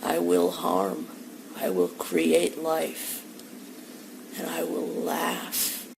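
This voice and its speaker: A woman voicing a gloating, sadistic villain who cackles and speaks slowly and menacingly. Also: low voice, very animated, gravelly, a little mellow, a little hiss or hum, exaggerated voice, poor audio. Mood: gloating menace.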